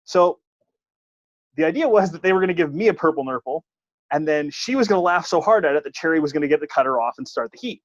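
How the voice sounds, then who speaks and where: In a casual podcast chat, a wrestling referee animatedly tells a humorous story where he's the butt of the joke. His voice runs on the high side and he talks fast. The recording is dry, dull and lo-fi.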